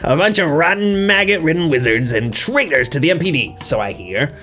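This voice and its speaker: A man's voice: a little high, animated, brisk, fairly bright tone, soft background music. A man voicing a grumpy male prison warden who sneers and insults the prisoners in a game playthrough. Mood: sneering.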